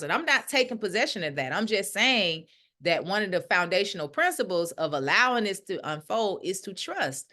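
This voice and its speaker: Animated, bright-voiced woman ministry leader. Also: mid-range voice, normal speed. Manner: animated, acts out quoted voices. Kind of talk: casual spiritual talk.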